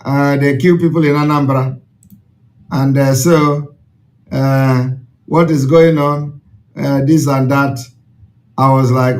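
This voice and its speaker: A man's voice: mid-range voice, fairly even intonation, slow, pauses often, a little mellow. A man with a Nigerian accent, an Igbo speaker, addresses his followers in an impassioned, repetitive, preaching way.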